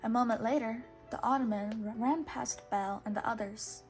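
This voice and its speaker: A woman reads a children's storybook aloud, steady and patient. Her voice sits fairly high. She sometimes stops to correct a word and carries on. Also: normal speed, soft background music. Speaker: storybook reader.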